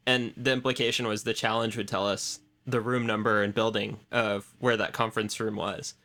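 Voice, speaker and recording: A man's voice: lowish voice, steady tone, brisk, few pauses, pushed and bright. A man co-hosting a podcast in casual chat, with dry, wry asides as he recounts a work story. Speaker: podcast co-host.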